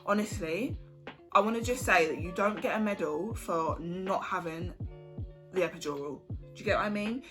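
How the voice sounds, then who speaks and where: A young woman telling her story in a frank, chatty way, swearing casually. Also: medium pitch. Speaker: vlogger. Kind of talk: candid storytime chat. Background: background music.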